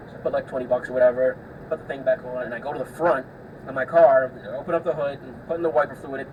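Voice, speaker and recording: A man's voice: mid-range voice, fast. A young man hosting a podcast who tells a rambling, profane story in casual solo chat, full of filler words. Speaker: podcast host. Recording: distant mic with faint air-conditioner hum.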